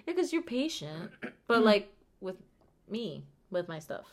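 A young woman co-hosting a casual chat podcast with a friend, joking and playful. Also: a little slow. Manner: playful, animated, puts on squeaky old-lady voices. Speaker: podcast co-host.

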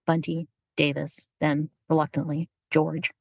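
A woman narrating a story in an even, unhurried storytelling manner. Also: low-pitched, creaky, slightly rough, no echo, studio quality. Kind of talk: audiobook narration.

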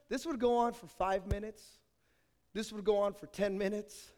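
A male pastor preaching a sermon with dramatic storytelling, swinging between loud and soft. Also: high-pitched, fairly even intonation, normal speed. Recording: echoey hall.

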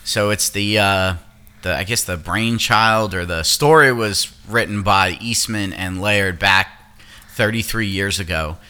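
Bright-voiced man hosting a casual podcast. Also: lowish voice, measured pace, smooth. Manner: rambling, swears casually, explains at length. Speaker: podcast host. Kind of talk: casual chat.

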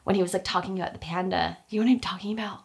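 A woman's voice: medium pitch, steady tone, rapid-fire, gravelly, slightly rough. A young woman telling a personal story in casual chat, talkative, with many fillers and restarts. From Utah, US.

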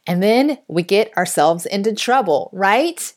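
A woman in her thirties hosting a faith podcast, telling a story with animated, laughing delivery. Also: mid-range voice, measured pace. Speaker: podcast host.

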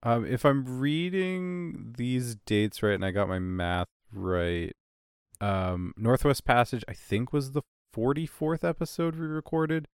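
A man's voice: medium pitch, measured pace, clean tone, no echo. Man in dry, close casual chat. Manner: hesitant, laughing, lots of "um". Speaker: podcast co-host.

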